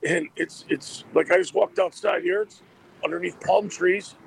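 A hoarse man, an athletic director, calling in by phone to a radio show from outdoors. He chats casually and often restarts his sentences. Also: high-pitched, sing-song, normal speed, a little hiss or hum. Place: outdoors by a busy street.

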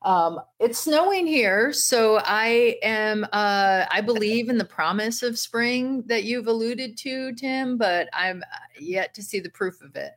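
A woman's voice: a little high, slow pace, fairly bright tone. A woman guest in a talk interview, earnestly explaining her organization's work. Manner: earnest, explanatory, uses fillers. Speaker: guest, education advocate. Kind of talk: interview answer.

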